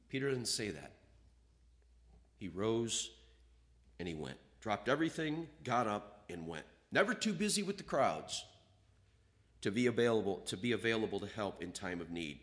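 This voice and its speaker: Male preacher, animated sermon delivery, voice rising and falling widely, acts out dialogue. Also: fairly low pitch, moderate pace, long pauses. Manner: animated, acts out quoted voices, reads scripture aloud.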